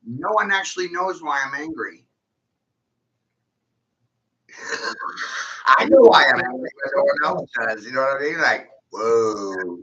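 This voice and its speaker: A man's voice: mid-range voice, lively intonation, slow pace, pauses often, pushed and bright, highs cut off. A man ranting angrily in a casual vlog, swearing heavily and jumping between grievances. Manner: angry, swearing, erratic. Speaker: vlogger. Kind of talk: profane rant to camera.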